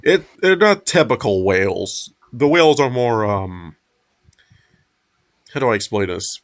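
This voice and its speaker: A man hosting a casual podcast, reading a fanfic aloud and chatting, halting with ums and self-corrections. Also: mid-range voice, expressive.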